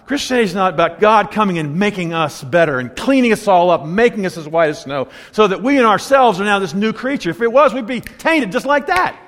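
A man preaching a sermon, telling stories and swinging between loud emphatic lines and hushed asides. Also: high-pitched, expressive, brisk, few pauses. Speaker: pastor. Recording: long hall reverb.

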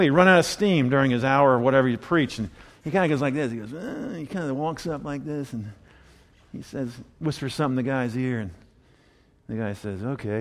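Man preaching with long hall echo. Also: a little high. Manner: storytelling, swings between hushed and loud. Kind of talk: sermon with personal testimony.

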